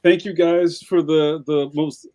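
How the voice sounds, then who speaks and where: Male host, slightly high voice, upbeat, loose and rambling, live video call. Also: little pitch movement, a little slow, warm tone. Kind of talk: casual livestream chat.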